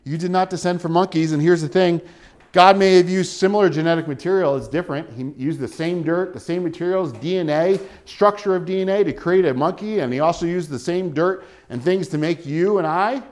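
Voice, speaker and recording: A man preaching a sermon, animated, with wide swings in pitch and volume and frequent chuckles. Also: a little fast. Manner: chuckles often while preaching.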